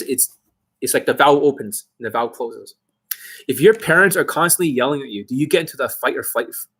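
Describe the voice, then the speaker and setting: A dating coach rants on a livestream, profane and confrontational, in a husky man's voice at a middle pitch. He hammers at the listener with blunt, repeated questions. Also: fairly bright tone.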